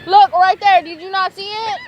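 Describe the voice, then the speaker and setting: A teenage girl vlogging casually at a beach, excitable and calling out to people nearby, filmed on a handheld phone camera. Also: very high-pitched, normal speed, lo-fi sound. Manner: excitable, shouts at others. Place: windy beach outdoors. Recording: loud wind noise on phone mic.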